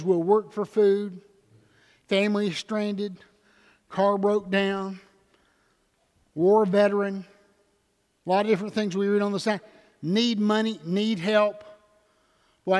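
An older man preaching a sermon in a church, rising loud then dropping soft, with questions to the congregation. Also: sits high, in a large hall. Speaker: pastor. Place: church sanctuary.

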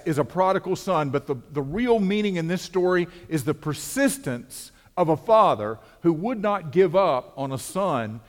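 A man preaching a sermon as pastor, earnest and conversational, often repeating words as he builds his point. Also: fairly high pitch. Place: church sanctuary. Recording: long hall reverb.

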